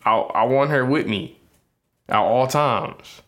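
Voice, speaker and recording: A man's voice: medium pitch, slow pace. Profane, blunt young man chatting. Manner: profane, blunt, animated when riled. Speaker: podcast co-host. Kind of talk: casual couple podcast chat.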